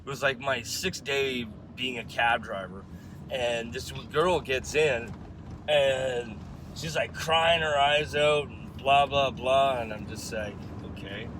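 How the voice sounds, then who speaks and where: A man's voice: mid-range voice, takes it slowly. A man, a cab driver, telling a story in casual, rambling talk, repeating "I'm like" as he goes, from inside his car. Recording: car and street noise behind.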